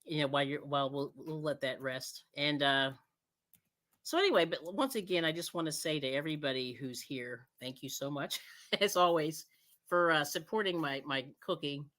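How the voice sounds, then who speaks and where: Chatty, low-pitched woman cooking live. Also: normal speed, a bit bright. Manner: chatty, laughs often, trails off and restarts. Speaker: cooking show host. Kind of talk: casual live-stream cooking chat.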